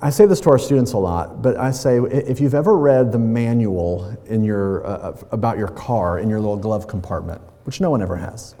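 A man preaching a sermon with a mellow, warm tone, talking conversationally and leaning on playful everyday examples. His voice rings out with the long reverb of a large hall. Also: on the low side, expressive, normal speed, few pauses. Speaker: pastor.

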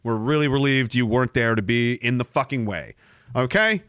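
A man's voice: medium pitch, normal speed, a bit bright, clear, resonant tone, dry recording. A man hosting a podcast, reading out comments in a sarcastic, profane, rambling way. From Canada. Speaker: podcast host. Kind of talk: casual livestream chat reading comments.

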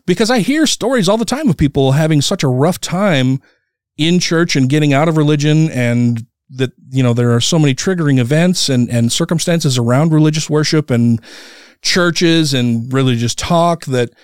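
A man's voice: on the high side, normal speed, clean tone, no echo, clean studio sound. Heated, profane man with a resonant voice. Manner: heated, profane, animated retelling. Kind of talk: casual storytelling chat.

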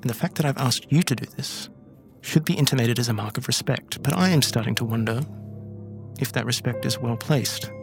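A man voicing an elderly female crime matriarch who speaks quietly and condescendingly in a tabletop game. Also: medium pitch, fairly quick, vocal fry, faint music behind, lightly acted. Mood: cold menace.

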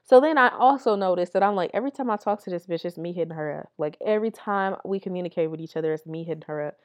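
A woman's voice: on the low side, fast talker, darkish tone, lo-fi sound. A young adult woman hosting a podcast, telling candid stories in a blunt, profane way and laughing as she goes. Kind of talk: candid storytelling chat.

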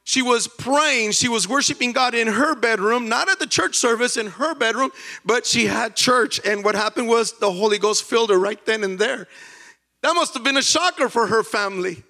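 High-voiced bright male preacher. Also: moderate pace. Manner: fervent, repetitive, rising to near-singing emphasis. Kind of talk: sermon testimony.

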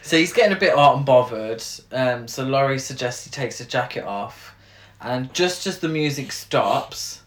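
Podcast co-host, mid-pitched, teasing and giggly, roomy echo. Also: expressive, normal speed. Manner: wry, teasing, laughs a lot. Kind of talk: casual film recap chat.

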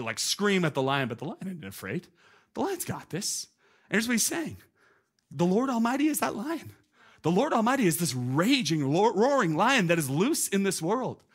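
A man in his thirties delivers a sermon, moving from a personal story into preaching. His delivery is animated and emphatic, leaning on repeated phrases. His voice sits a little high for a man. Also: husky. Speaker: pastor.

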